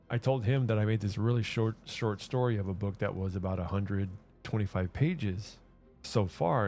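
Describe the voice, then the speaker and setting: A man with a low, gravelly, mellow voice talks while he plays, rambling through his stories. He trips over his words and restarts his sentences often. Quiet game music plays underneath. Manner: hesitant, many restarts and fillers. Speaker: gaming streamer. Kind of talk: casual rambling chat while gaming.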